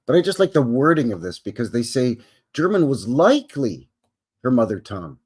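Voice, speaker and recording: A man's voice: medium pitch, very animated, brisk, a little mellow, breathy edge. A man hosting a live stream, reading an article aloud and breaking off into casual, rambling asides full of fillers. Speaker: host. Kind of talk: reading aloud and commenting on a livestream.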